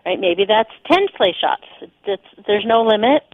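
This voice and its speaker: Woman, radio guest, relaxed explainer, fillers and restarts, dry close sound, dull lo-fi audio. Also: medium pitch, normal speed, no room sound. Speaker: guest sexuality teacher. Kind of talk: conversational radio interview.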